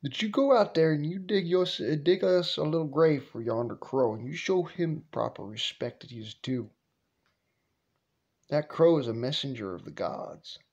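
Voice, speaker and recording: A man's voice: fairly high pitch, expressive, normal speed, darkish tone, muffled recording. A man voicing his stern old grandmother, scolding in folksy talk.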